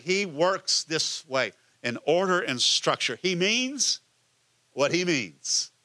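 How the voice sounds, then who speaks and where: Bright-voiced man preaching a sermon. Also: medium pitch, no room sound. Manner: conversational, asks the listeners many questions. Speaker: pastor.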